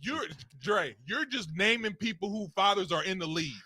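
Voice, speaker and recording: A man co-hosting a casual podcast debate, loud and repetitive, often breaking into shouts, his voice hoarse from yelling. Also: high-pitched, lively intonation, moderate pace, no room sound. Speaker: podcast co-host.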